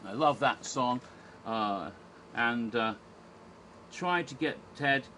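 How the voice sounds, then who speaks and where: A theme park event historian casually recaps a live show from memory, rambling enthusiastically with frequent fillers and restarts. His medium-pitched voice is pushed and bright, slow with long pauses, over slight background noise.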